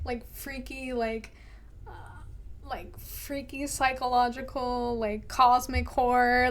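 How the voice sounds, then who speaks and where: A woman streamer playing a horror game, reading the game text aloud and reacting with anxious, nervous laughter. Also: sits high. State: anxious and jumpy. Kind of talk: horror game let's play. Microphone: headphones with mic.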